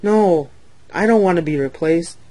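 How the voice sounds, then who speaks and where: A man voicing an old, gentle female railway coach who speaks meekly and plaintively. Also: a little high, normal speed, no echo, natural voice. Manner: meek and plaintive.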